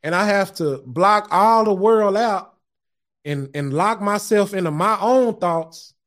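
A high-voiced man hosts a podcast, preaching self-improvement in a motivational, sermon-style talk. He sounds expressive, slow and fairly bright, impassioned, repeating words as he starts a thought and addressing listeners directly as "guys" and "family."

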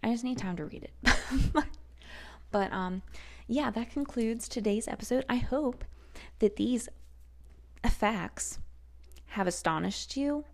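A woman's voice: fairly high pitch, slow, long pauses. A woman hosting a solo podcast, talking heatedly and sarcastically and swearing freely. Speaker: podcast host.

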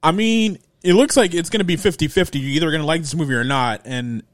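A man's voice: on the high side, fast, dry recording, clean studio sound. A man co-hosting a casual movie podcast, loose and laughing, often stumbling and restarting his sentences. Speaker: podcast co-host. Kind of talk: casual movie review chat.

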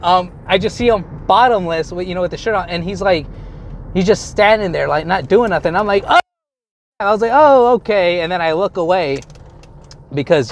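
Young man, slightly high voice, casual profane storytelling, rambling, in a car. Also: a little hiss or hum. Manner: rambling, profane, self-interrupting retelling. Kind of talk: casual storytelling while driving.

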